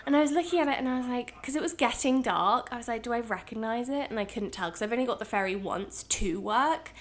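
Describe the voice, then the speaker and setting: A young woman chats casually as a podcast co-host. She tells anecdotes in a lively, laughing way. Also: fairly high pitch, quick pace. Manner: chatty, laughing storyteller. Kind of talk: casual chat.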